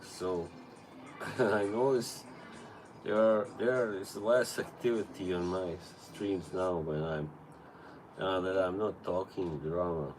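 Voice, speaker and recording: A man's voice: low-pitched, fairly even intonation, slow, background noise. A man with a Serbo-Croatian accent chatting casually on a livestream, rambling, swearing and laughing often, recorded on a tablet's built-in mic. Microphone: tablet device mic.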